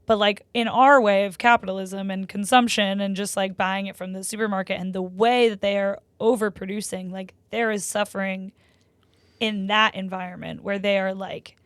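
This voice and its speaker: A woman's voice: normal speed, clean tone, dry recording. A woman in her twenties co-hosting a podcast, chatting casually and telling stories animatedly with many "like" fillers. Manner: animated storyteller, many "like" fillers, gets loud and high when excited. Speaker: podcast co-host. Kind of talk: casual chat.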